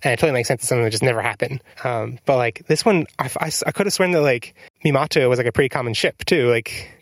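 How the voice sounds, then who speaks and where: A man's voice: medium pitch, quick pace, no echo. A man hosting a casual podcast chat, rambling and interrupting himself as he goes. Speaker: podcast host.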